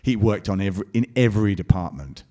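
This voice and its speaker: A man answering fan questions at a convention panel, telling lively anecdotes on a handheld mic. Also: fairly low pitch, fast. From Scotland. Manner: lively anecdotal storytelling with quoted voices and laughs. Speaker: convention panel guest actor. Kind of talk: storytelling Q&A panel.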